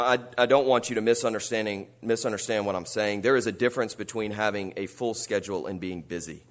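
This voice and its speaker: A man preaching a sermon, earnest, moving between quiet reflection and rising, emphatic appeals. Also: fairly low pitch. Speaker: pastor.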